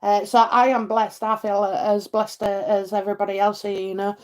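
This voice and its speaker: A middle-aged woman with a Yorkshire accent, hosting a live psychic stream and chatting warmly with viewers between comments, full of fillers and endearments. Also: medium pitch, level tone, normal speed. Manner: chatty, many fillers, laughs, calls people darling and lovely. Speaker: psychic reading host.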